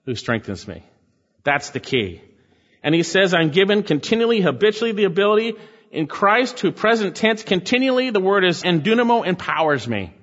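A man's voice: high voice, big pitch swings, normal speed, fairly bright tone. Man preaching in an echoing hall. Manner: expository preaching, swells and drops in emphasis. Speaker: pastor. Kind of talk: sermon. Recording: muffled sound with a long hall echo.

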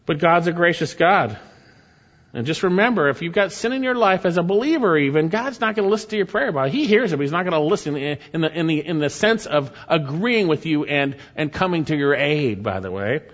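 A man's voice: on the high side, fairly bright tone. A man preaching a sermon, fervent and emphatic, reading scripture aloud between his own remarks. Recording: dull lo-fi sound.

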